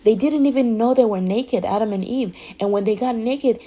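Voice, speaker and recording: A woman's voice: on the high side, moderate pace, hardly any pauses, dark tone, rough recording. A woman speaking candidly in a rambling, emphatic way, often restarting her sentences. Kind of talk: candid personal monologue.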